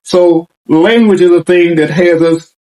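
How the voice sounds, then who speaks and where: Higher-voiced older man musing aloud. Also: steady tone, a little slow, mellow, low-quality recording. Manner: rambling, repetitive, with restarts. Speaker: commentator. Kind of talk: reflective monologue.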